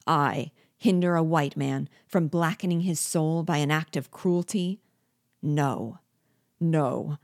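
Reading aloud from a storybook, a woman voices a bitter, scheming male dwarf, a former jester, gloating over his captive. The character speaks in a low, dry, slightly mellow voice, slow and deliberate as he savors each threat, and there is no room sound.

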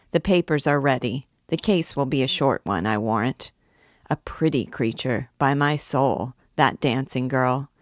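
A woman's voice: low-pitched, dry recording, clean studio sound. A woman voicing a fawning, rambling male royal prosecutor who chatters on eagerly. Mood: chatty. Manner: obsequious, rambling.

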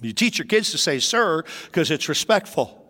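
A man's voice: very animated, brisk, a bit bright. A pastor telling a personal childhood story in his sermon, acting out the dialogue. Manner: storytelling, acts out dialogue with raised pitch. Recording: long hall reverb.

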